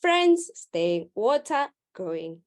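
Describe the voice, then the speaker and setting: A woman's voice: fairly high pitch, big pitch swings, very slow. A woman teaching maths in a live online class, playful and teasing with her students. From South Africa.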